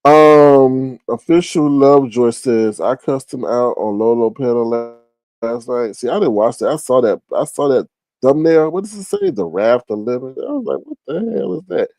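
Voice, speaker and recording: In a relaxed livestream chat, the host yawns and drifts, rambling and trailing off as he restarts his ideas. His voice is mid-range, animated and a little mellow, moving at normal speed with no room sound.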